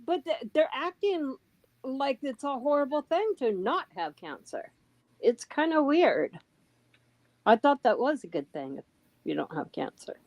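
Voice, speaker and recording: A woman's voice: high voice, very animated, a little slow, darkish tone, dry recording. A woman co-hosting a casual livestream, making sardonic remarks and laughing. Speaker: co-host.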